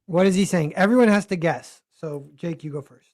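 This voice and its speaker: A man's voice: on the high side, brisk, a little mellow. Upbeat man running a podcast segment. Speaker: co-host. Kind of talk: casual podcast chat.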